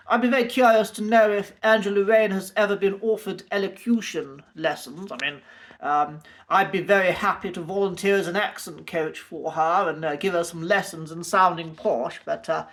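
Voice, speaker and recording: A man's voice: high voice, fairly even intonation, moderate pace, fairly bright tone. A man, a coach giving his opinion in a casual video, hesitating often with ums and uhs. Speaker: accent coach.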